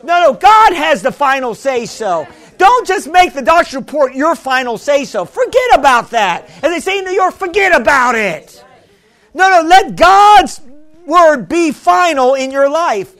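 Delivering his sermon at normal speed, this middle-aged pastor speaks in a very high voice. His stories start out quiet and climb into excited, shouted exclamations.

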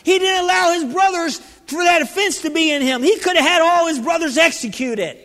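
Fervent high-voiced male preacher in a hall. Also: moderate pace, hardly any pauses, fairly bright tone. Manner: fervent, calls out to the congregation. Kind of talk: sermon. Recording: long hall reverb.

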